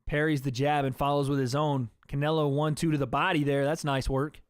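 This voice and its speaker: A man with a fairly high, smooth voice calls a fight play by play for his livestream viewers. His talk is loose and chatty, and he keeps turning to the audience as "guys." The sound is dry and close, with no room echo. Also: flat delivery, brisk. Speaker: livestream host. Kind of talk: casual play-by-play commentary.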